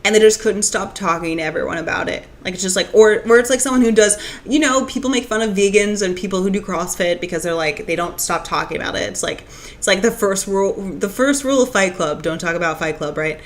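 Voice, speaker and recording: A young woman streams live, talking casually at a quick pace in a mid-range voice. She rambles, restarts often, says "like" a lot, and reads viewer chat comments aloud.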